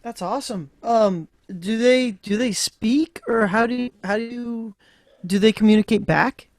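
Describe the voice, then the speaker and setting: A man playing in a tabletop game, relaxed and hesitant with fillers. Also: high voice, a little slow, dry recording. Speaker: player. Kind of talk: casual tabletop play.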